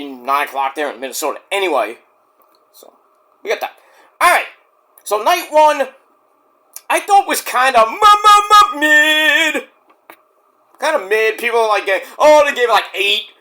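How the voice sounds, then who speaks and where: A man's voice: sits high, sharp tone. A man reviewing a wrestling show in a casual, rambling rant, crude and profane, and full of jokes.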